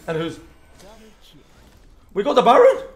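A young British man, a streamer, giving crude, joking live commentary on his game with sudden shouted outbursts. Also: very high voice, huge pitch swings, unhurried, soft background music. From Britain. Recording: roomy echo.

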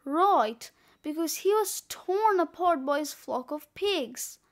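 A woman's voice: very high-pitched, expressive, slow, full character voice. A woman doing a boastful schoolboy. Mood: matter-of-fact. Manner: boastful, breezy. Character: cocky boy, a scheming schoolkid author.

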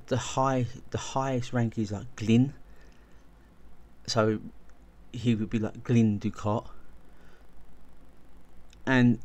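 A man's voice: medium pitch, darkish tone. A man hosting a video essay, talking casually and enthusiastically, often restarting and repeating words as he goes. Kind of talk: casual spoken video commentary.

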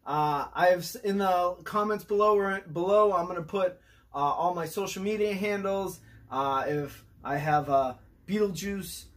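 Excitable man reviewing food on camera. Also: sits high, unhurried. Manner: excitable, talks while chewing. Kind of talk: casual food review vlog.

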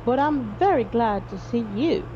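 A woman voicing an excitable, grateful male hunter in a storybook, pitching her voice up with eager energy. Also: moderate pace, muffled recording, a little hiss or hum, close to an everyday voice.

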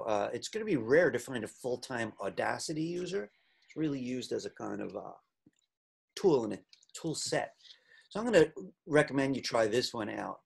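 A man teaching an online class, talking casually with many fillers while he demonstrates software. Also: medium pitch, gravelly, slightly rough. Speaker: instructor.

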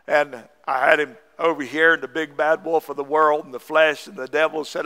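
Fervent preacher man, clear voice. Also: fairly high pitch, level tone, moderate pace, few pauses. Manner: fervent Southern preaching, rising to shouts. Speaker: pastor. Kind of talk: sermon. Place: church sanctuary.

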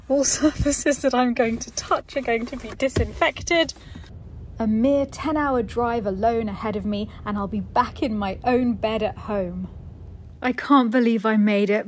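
A tired woman vlogging a travel diary, talkative and emotional. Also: fairly high pitch. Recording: steady background noise.

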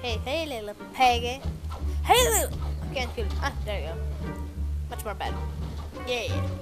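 A woman giving excited gameplay commentary who taunts enemies and keeps exclaiming. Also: on the high side, normal speed. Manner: frequent exclamations and repeated words. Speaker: gameplay video maker. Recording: music playing loud behind voice. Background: background music and game sounds.

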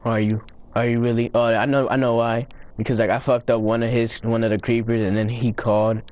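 A man giving rowdy, profane commentary while playing a game, often breaking into loud high-pitched yells. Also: level tone, brisk. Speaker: gamer recording his play. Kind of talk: casual gaming commentary.

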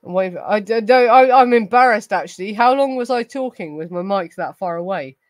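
A tipsy woman on a casual livestream, ranting in rambling bursts and swearing freely. Her voice sits at a middle pitch and sounds close and dry, with no room around it. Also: lively intonation, brisk, darkish tone, no echo, rough recording. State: tipsy from gin. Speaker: host of a true crime livestream. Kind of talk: casual livestream chat, responding to viewers.

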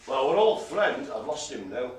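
A man's voice: medium pitch, sing-song, normal speed. A man hosting a live online bingo show, cracking puns and making silly noises between calls. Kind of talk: jokey live bingo calling.

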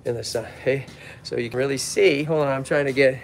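A man from Lowell with a Massachusetts accent, hosting a casual livestream outdoors and chatting eagerly with viewers and his animals. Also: a little fast, creaky, slight background noise. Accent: Boston-area Massachusetts. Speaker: tortoise sanctuary host. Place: outdoors at a tortoise yard. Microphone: handheld phone camera, filming himself.

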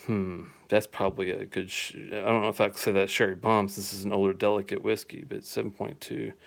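A man's voice: fairly low pitch, flat delivery, brisk, gravelly. A man hosting a casual live whisky show, talking in a rambling, chatty way with lots of fillers and chuckles. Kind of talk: casual live-stream chat. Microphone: phone or handheld device he plugs in and holsters.

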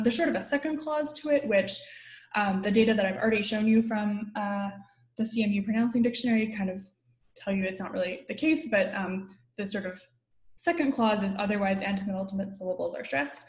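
A mid-pitched woman delivers an academic linguistics lecture over a video call. She explains step by step, filling pauses with ums and hedging with "like" and "sort of." Her voice carries a noticeable room echo. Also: darkish tone. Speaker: guest lecturer.

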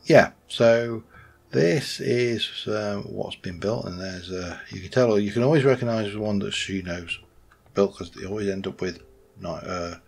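A man's lowish, slightly rough voice with vocal fry carries his casual commentary as he plays Minecraft for a let's play. He rambles, thinks out loud, and keeps correcting himself.

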